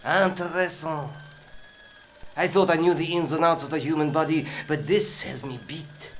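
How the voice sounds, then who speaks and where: Stiff French doctor, slightly high. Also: male voice, steady tone, moderate pace, fairly bright tone, slight background noise. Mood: animated. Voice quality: curt, clipped and formal. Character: stern, haughty male hospital doctor. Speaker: hospital doctor. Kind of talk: video game voice acting.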